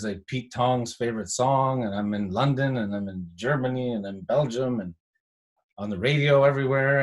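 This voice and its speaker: Man in his forties, from Canada, casual animated storytelling, mid-pitched voice. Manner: animated storyteller, acts out quotes, swears. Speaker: guest house music producer. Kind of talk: casual chat.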